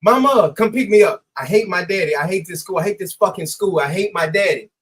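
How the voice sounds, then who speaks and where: A man's voice: sits high, animated, brisk, a bit bright. A man voicing a sulky teenage boy who keeps whining to his mother on the phone. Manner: whiny, repetitive complaining.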